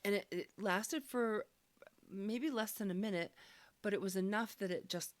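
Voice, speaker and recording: A woman sharing a personal healing testimony, speaking in an earnest, searching, soft-spoken way. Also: medium pitch, moderate pace, no echo.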